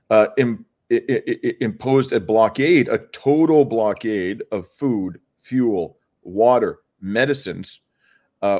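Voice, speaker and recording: A man's voice: fairly low pitch, a little mellow. A man who is a lawyer, answering interview questions with a careful, earnest legal argument, stressing key words and using many fillers and restarts.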